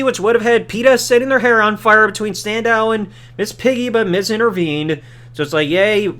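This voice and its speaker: A man with a high, bouncy voice whose pitch swings widely. He recaps an old wrestling show like a podcast host, casual and sarcastic, tossing in mocking asides. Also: a bit bright.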